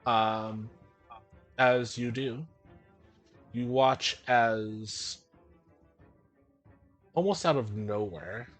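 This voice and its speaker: A man runs a tabletop game as its game master, narrating in a halting, filler-heavy way. His voice sits at an ordinary middle pitch. Soft music plays faintly behind him.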